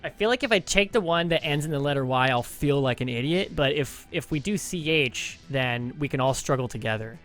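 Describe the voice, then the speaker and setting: A man's voice: fairly high pitch, lively intonation, brisk, hardly any pauses, a bit bright, soft background music. A man co-hosting a podcast, playing a word game in a hesitant, joking, self-deprecating way with plenty of ums. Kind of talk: casual podcast chat.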